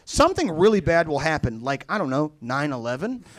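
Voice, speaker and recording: A young man on a comedy club stage, talking into a handheld mic in a slightly high voice. His delivery rambles and stalls on fillers and restarts. He slips into other voices to act out the people in his story. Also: very animated, fairly quick. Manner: acts out other people's lines in shifting voices. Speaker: stand-up comedian. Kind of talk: stand-up comedy set. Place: comedy club stage before a live audience.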